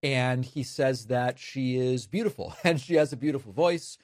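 A man's voice: mid-range voice, moderate pace, darkish tone, dry recording. A man hosting a political commentary show, speaking emphatically and sardonically into a close mic. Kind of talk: opinion commentary.

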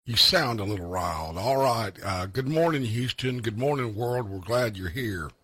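A man's voice: on the low side, lively intonation, normal speed, a bit bright, slightly rough, no room sound. A man co-hosting a talk show, reading a prepared rundown with wry asides. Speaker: co-host.

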